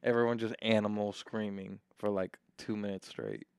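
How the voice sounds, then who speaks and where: Guy rambling excitedly on a podcast, smooth clear voice, dry close sound. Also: on the low side, moderate pace, dry recording. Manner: loose and excitable, full of "like" fillers. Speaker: podcast co-host. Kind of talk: casual chat.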